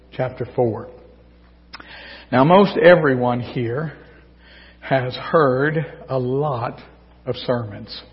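A man preaching a sermon to his congregation in a folksy, joking way, his voice a little hoarse because he is losing it. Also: medium pitch. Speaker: pastor. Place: church sanctuary. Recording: distant, dull church recording with long reverb.

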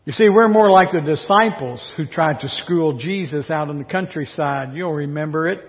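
A man's voice: a little high, normal speed. A male pastor preaching a sermon in a wry, joking way, full of rhetorical questions. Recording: dull recording with long hall reverb.

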